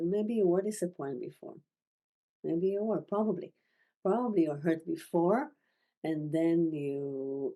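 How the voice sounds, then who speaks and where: A woman teaching a masterclass, speaking gently with halting, non-native phrasing and frequent restarts. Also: on the low side. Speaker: spiritual teacher. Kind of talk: masterclass talk.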